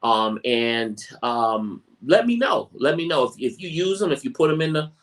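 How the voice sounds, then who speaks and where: A man's voice: mid-range voice, lively intonation, normal speed. A man hosting a podcast, giving casual advice in a conversational way, often repeating phrases and restarting sentences. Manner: acts out quoted family chatter in brighter voice. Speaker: podcast host.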